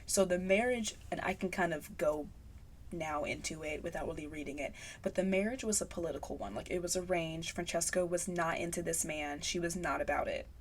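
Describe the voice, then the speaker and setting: A woman's voice: fairly low pitch, brisk, slight background noise. Teary, gushing young woman vlogger. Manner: gushing, emotional, sometimes close to tears. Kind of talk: emotional casual monologue.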